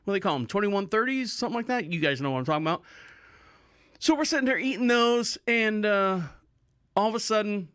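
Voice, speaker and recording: A man's voice: high voice, expressive, a little fast, fairly bright tone, clear, resonant tone, no echo, clean studio sound. A man hosting a podcast, telling a rambling story in casual talk, swearing freely and laughing often. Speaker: podcast host.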